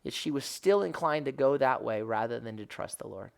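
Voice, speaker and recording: Gravelly-voiced man teaching scripture. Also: mid-range voice, animated, a little fast. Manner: earnest, rising to emphatic questions, self-correcting. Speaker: rabbi. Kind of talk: devotional Bible teaching.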